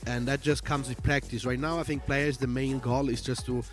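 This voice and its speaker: A man's voice: medium pitch, little pitch movement, fairly quick, faint music behind. A man with a strong Italian accent, giving casual livestream commentary and explaining things at length with lots of fillers. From Italy. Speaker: esports co-commentator.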